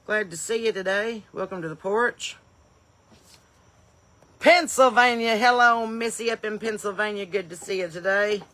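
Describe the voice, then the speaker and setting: This woman comedian's voice sits in the mid range with a fairly bright tone and an ordinary pace. Hosting a live stream from her porch at home in the evening, she greets her audience in cheerful, folksy bursts and keeps wandering off on tangents.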